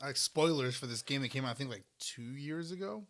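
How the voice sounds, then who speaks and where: A man's voice: medium pitch, animated, a little fast, fairly bright tone. A man co-hosting a casual eating podcast, rambling and restarting as he talks with food in his mouth. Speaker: podcast co-host. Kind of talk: casual chat while eating.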